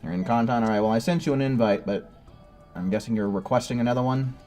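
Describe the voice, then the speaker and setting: A man's voice: mid-range voice, quick pace, mellow, faint music behind. A man casually chatting with his viewers while streaming a video game, swearing freely and rambling as he waits. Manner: chatty, swears casually, sings silly improvised tunes while waiting. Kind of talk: casual live-stream gaming chat.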